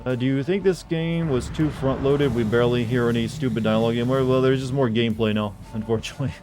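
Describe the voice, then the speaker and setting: With faint game music behind him, a man streams a game live in a mid-range voice that's fast and fairly even in intonation. He's casual and rambling, full of jokes and swearing.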